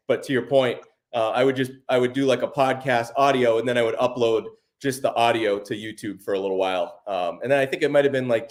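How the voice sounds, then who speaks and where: A man talking casually as an interview guest, relaxed and rambling, with plenty of fillers and restarts. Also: medium pitch. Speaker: guest, sports card YouTuber.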